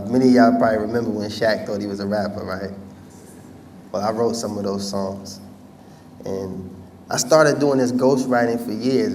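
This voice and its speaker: A man's voice: medium pitch, a little mellow. A man telling his life story to an audience in casual, conversational speech with street slang. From United States. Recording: distant mic with faint background noise.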